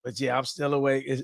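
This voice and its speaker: A tired man from the US West Coast hosting a late-night live stream, talking loudly in profane, rambling banter. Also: medium pitch, creaky, no room sound, studio quality.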